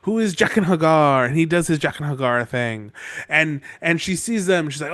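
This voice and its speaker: A man's voice: fairly high pitch, a little fast, no echo. Upbeat man recapping a book chapter. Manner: animated storytelling, quotes characters in playful voices. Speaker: podcast co-host. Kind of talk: casual book-recap chat.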